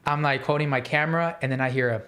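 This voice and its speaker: A man on a podcast telling a story in a casual, animated, rambling way, full of fillers and restarts. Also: mid-range voice, quick pace, slight background noise. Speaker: podcast host.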